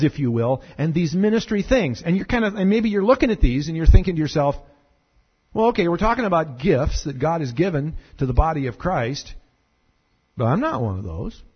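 Animated husky-voiced male pastor. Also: on the high side, dull audio. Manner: conversational, animated, many fillers and repeated words. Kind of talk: sermon.

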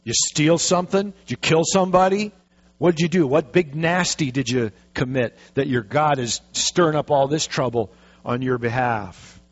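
A man's voice: fairly high pitch, moderate pace, natural voice. A man voicing frightened sailors who fire off casual, questioning lines. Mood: pressing. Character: scared, pushy group of sailors, men. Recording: dull lo-fi recording.

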